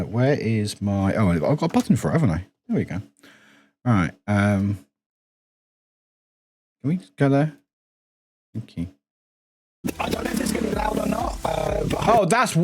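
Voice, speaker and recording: A young British man chatting casually on a live stream, scattered and swearing, with lots of restarts. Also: medium pitch.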